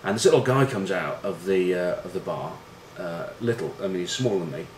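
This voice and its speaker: A middle-aged former rugby player rambles through stories with plenty of swearing, fillers and self-mockery. His voice sits a bit low. The room is echoey, with a faint background hiss. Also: expressive, fairly quick, darkish tone. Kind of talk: casual storytelling. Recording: roomy room echo with faint noise.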